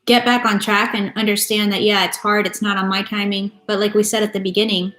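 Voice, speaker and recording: Her medium-pitched voice stays fairly flat in pitch but moves along fairly quickly, with a fairly bright tone. She's a tarot reader giving viewers a casual, blunt, expletive-heavy reading in an echoey room with faint music.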